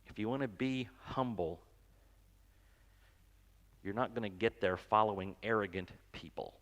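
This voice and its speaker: In a large church sanctuary, a pastor with a lowish, slightly bright voice delivers an unhurried sermon in a conversational, joking manner. He pokes fun at himself, stammers, and often repeats words as he goes.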